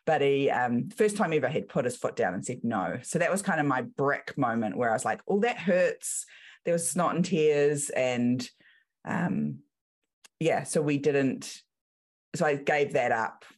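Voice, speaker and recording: A woman's voice: rumbling low, unhurried. A woman in her thirties with a New Zealand accent, a business coach telling stories in a podcast interview and acting out the voices of the people she quotes. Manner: lively storytelling, acts out quoted voices.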